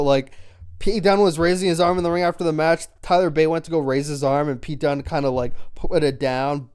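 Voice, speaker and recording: Smooth-voiced man rambling a casual recap. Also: medium pitch, darkish tone. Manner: rambling, filler-heavy, swears casually. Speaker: wrestling show reviewer.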